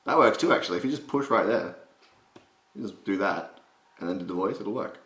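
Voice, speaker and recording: A man's voice: fairly low pitch, expressive, fairly quick, pauses often, fairly bright tone. A man hosting a voice impression tutorial, rambling and self-mocking in a casual, joking way. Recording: roomy echo.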